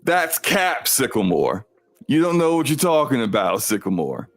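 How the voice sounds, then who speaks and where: A man's voice: medium pitch, very animated, moderate pace, no room sound, soft background music. A man co-hosting a gaming podcast, talking casually and insistently, often repeating words as he argues a point. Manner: rambling, emphatic, repeats words when arguing. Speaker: podcast co-host.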